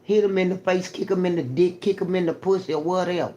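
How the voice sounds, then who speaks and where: A woman's voice: on the low side, fast talker, warm tone, lo-fi sound, slight background noise. A woman on a live stream giving an emphatic, profane, preaching testimony and greeting her chat viewers by name. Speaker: livestreamer.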